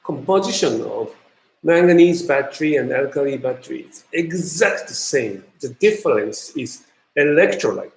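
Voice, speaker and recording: A man with a Japanese accent who speaks Japanese natively, giving a university lecture in English in a halting way, with many fillers and restarts. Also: mid-range voice, animated, creaky. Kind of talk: recorded lecture. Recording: echoey room.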